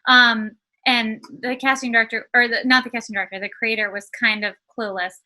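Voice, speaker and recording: A woman co-hosting a podcast, telling relaxed stories in casual chat. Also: fairly high pitch, brisk, slight background noise, rough recording. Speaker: podcast co-host.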